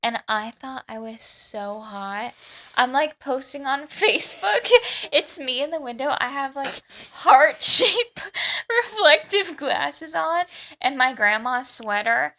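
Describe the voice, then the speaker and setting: A young adult woman co-hosting a podcast, telling an animated story in casual chat with lots of "like". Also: sits high, slow. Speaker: podcast co-host.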